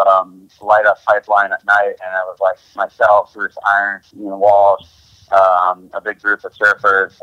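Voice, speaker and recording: A man appears as a podcast guest in a casual interview chat, rambling loosely with constant restarts and "you know." His lowish voice is bright and forceful, with no echo, but the audio is poor.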